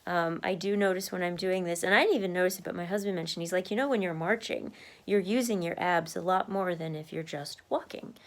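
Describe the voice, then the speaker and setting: A woman with a lowish voice talks fairly quickly in her casual video diary about losing weight. Seated at her home office desk, she speaks candidly to camera, marches in place, and laughs from time to time.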